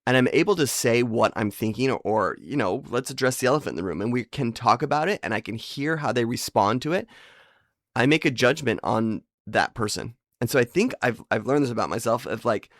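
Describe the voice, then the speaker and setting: A man hosting a podcast, telling rambling, self-deprecating stories in a casual monologue and slipping into quick voice impressions. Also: mid-range voice, animated, a bit bright, no room sound, studio quality. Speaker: podcast host.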